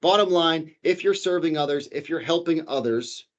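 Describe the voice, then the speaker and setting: A man leading a workplace training session, talking casually and animatedly, shifting his pitch and volume for emphasis. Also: normal speed. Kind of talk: corporate training talk. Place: office.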